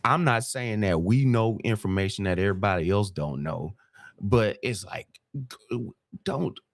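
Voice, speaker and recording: A male guest in casual gaming podcast chat. His voice is very low, and the dry, close recording has no room sound. He keeps a deadpan, sarcastic, playful tone. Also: measured pace, no echo.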